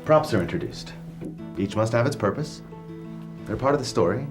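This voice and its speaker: A man's voice: medium pitch, animated, normal speed, lightly acted. A man directing a play read-through, coaxing and patiently strained, with faint music behind. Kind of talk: rehearsal direction.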